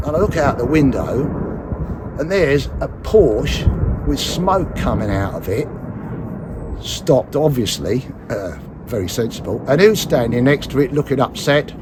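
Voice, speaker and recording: A man's voice: medium pitch, lively intonation, measured pace, heavy background noise. A man, telling a long story in a casual, rambling way and correcting himself as he goes. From London area, England. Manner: rambling, self-correcting, chatty. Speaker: actor and musician telling a career story. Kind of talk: casual anecdote.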